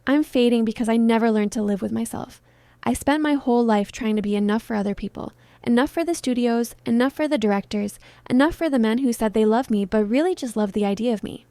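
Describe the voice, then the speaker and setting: A woman voicing a soft, pleading heartbroken star. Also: a little high, quick pace, no echo, close to an everyday voice. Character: heartbroken film star woman in her thirties, tender and pleading. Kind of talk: dramatized story reading.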